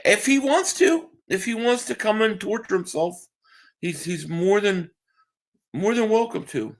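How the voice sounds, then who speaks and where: Tired from just waking up, a man hosts a live stream, chatting casually, reading viewers' comments aloud and answering them, with restarts along the way. His high voice has lively intonation and a measured pace.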